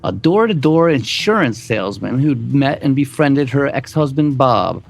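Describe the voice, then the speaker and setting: A man's voice: mid-range voice, lively intonation, normal speed, vocal fry, soft background music. A man co-hosting a podcast, reading a true crime story from a script and dropping his voice at the grim parts. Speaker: podcast co-host.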